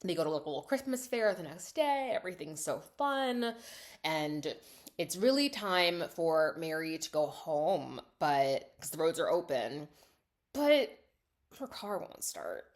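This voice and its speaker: A woman's voice: sits low, very animated, unhurried. A young woman telling a movie plot in a chatty, sarcastic way, full of "like" and "obviously," acting out the characters' lines. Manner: chatty, sarcastic, heavy "like" and "obviously", acts out quotes. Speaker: writer and coach recapping a movie. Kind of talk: casual storytelling recap.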